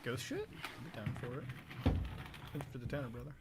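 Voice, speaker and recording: A man's voice: medium pitch, huge pitch swings, normal speed, a little hiss or hum. A young man live-streaming, casually reacting to a video and chatting to his viewers with plenty of swearing.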